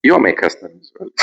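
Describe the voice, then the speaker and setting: A man with a South African accent, hosting a podcast and telling a story in a casual, expressive way. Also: high-pitched, gravelly, slightly rough, low-quality recording. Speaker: podcast host.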